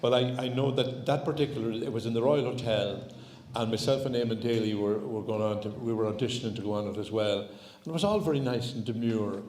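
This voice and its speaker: Irish MC interviewing on a hall stage. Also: male voice, fairly low pitch, fairly quick, few pauses, darkish tone. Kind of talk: onstage interview. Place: community centre hall. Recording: roomy hall livestream, faint noise.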